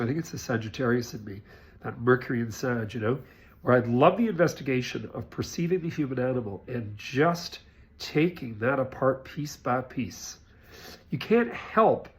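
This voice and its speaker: A man's voice: mid-range voice, lively intonation, normal speed. A middle-aged man, a psychic, talking in a rambling, chatty vlog monologue and laughing often.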